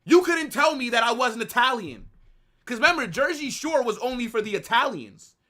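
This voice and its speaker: Animated, bright-voiced young man streaming. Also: very high-pitched, normal speed. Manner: slangy, rambling, animated. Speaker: watch-along streamer. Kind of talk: casual live-stream chat to viewers.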